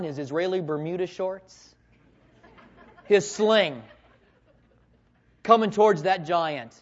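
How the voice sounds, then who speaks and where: A man in his forties preaching a sermon with passion, swinging between loud calls and hushed asides. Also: high-pitched, highs cut off. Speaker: pastor.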